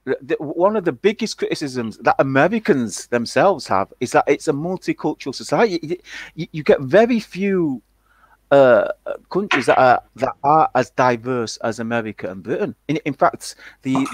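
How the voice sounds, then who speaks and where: A man in casual chat, talking haltingly with many fillers and restarts. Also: medium pitch, animated, no room sound, low-quality recording.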